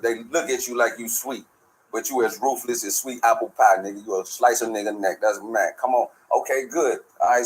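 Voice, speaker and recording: Male host, AAVE, rapid profane spiritual rant, mid-pitched voice. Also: poor audio. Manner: streetwise, profane, preachy storytelling. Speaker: show host. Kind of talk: casual spiritual monologue.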